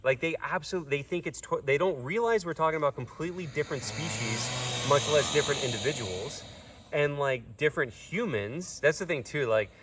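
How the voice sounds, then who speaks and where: A man's voice: fairly high pitch, expressive, brisk, distant mic, very noisy. Exasperated man ranting, a bit off-mic. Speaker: host. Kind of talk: casual chat.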